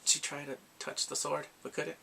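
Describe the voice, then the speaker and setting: A man recapping a drama episode in a casual, excited way, acting out the characters' lines and his own reactions. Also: on the high side, normal speed, vocal fry, slight background noise. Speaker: drama reviewer.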